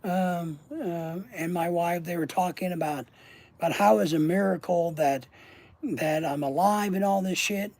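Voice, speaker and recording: Mellow-voiced man telling a rambling story. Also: high-pitched, unhurried. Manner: rambling, profane, often trails off. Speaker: channel host. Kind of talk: casual livestream storytelling.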